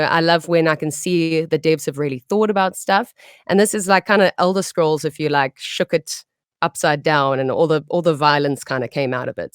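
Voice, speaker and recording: Bubbly low-voiced South African woman. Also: clean tone, dry recording, clean studio sound. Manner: bubbly, chatty, laughs often. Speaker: voice actress guest. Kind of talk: casual interview chat.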